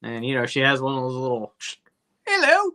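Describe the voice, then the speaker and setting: A man's voice: medium pitch, level tone, quick pace, sharp tone, clean tone. A man co-hosting a comedy movie podcast, recapping a film in a profane, rambling way with jokey asides. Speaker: podcast co-host. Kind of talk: casual comedy movie review.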